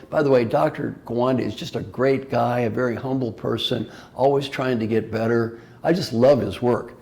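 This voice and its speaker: A man's voice: mid-range voice, gravelly, darkish tone. An older man giving a motivational talk as an executive coach, playful and emphatic, firing off rhetorical questions.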